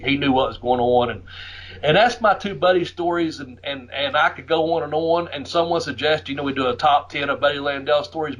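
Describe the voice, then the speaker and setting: Profane, laughing male wrestling storyteller. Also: on the high side. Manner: profane, laughing, acts out shouted quotes. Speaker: podcast host telling wrestling stories. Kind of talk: casual storytelling. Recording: muffled lo-fi audio.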